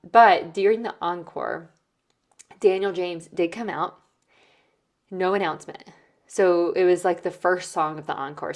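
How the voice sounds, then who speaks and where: Female host, low voice, casual storytelling recap, filler-heavy. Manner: chatty, many "like" and "um" fillers. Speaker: podcast host.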